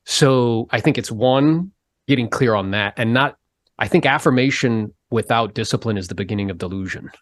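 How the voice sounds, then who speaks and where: Male podcast host, mid-pitched, emphatic and animated, dry close sound. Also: normal speed, no room sound. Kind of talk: casual interview conversation.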